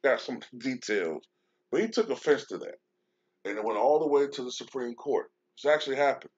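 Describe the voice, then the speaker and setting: A man's voice: mid-range voice, big pitch swings, moderate pace, breathy edge. A man hosting a show, talking casually and reading out a news article, with many fillers and restarts. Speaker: show host. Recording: dull lo-fi sound.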